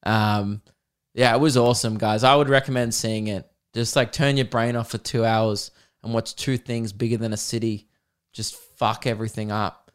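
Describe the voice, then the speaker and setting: A man's voice: lowish voice, fairly even intonation, normal speed, clear, resonant tone. A young man hosting a comedy podcast, ranting with self-mocking humor and lots of swearing. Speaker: podcast host. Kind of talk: casual comedic rant.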